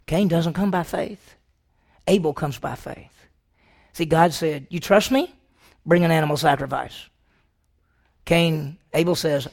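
A man preaching a sermon, asking the congregation rhetorical questions, with his pitch jumping high on points he stresses. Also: a little slow, vocal fry, long pauses. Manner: pitch jumps high when emphatic.

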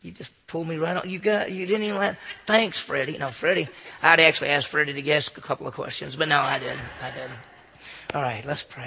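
A man's voice: a little high, fairly even intonation, brisk, gravelly, sharp tone, breathy edge, long reverb tail. A man giving an earnest, informal devotional talk to a group in a room, often stammering and restarting his sentences. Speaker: Christian speaker.

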